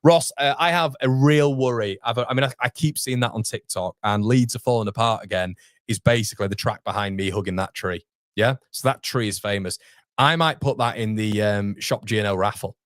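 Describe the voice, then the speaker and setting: A man's voice: on the low side, brisk, dry recording, clean studio sound. A young man, hosting a casual livestream and chatting through viewer comments with self-deprecating asides. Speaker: host. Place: home streaming studio.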